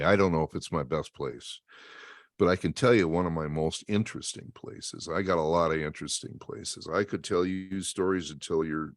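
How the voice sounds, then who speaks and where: A man telling stories in an interview, emphatic and animated, laughing often. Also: low-pitched, no room sound, studio quality. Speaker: interview guest and motivational speaker. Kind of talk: storytelling in an interview.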